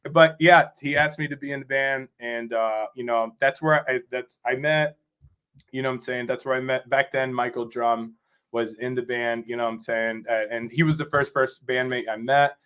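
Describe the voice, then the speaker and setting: A man from Rochester, New York, a drummer guesting on a podcast, telling a story in a rambling, animated way and often asking "you know what I'm saying". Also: medium pitch, moderate pace, clear, resonant tone. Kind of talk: casual storytelling interview.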